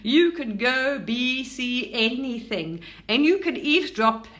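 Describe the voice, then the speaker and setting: A woman's voice: high-pitched, expressive, slow, fairly bright tone. A middle-aged woman from Britain, talking casually and with enthusiasm about spiritual experiences, rambling through restarts and asides. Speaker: spiritual content creator.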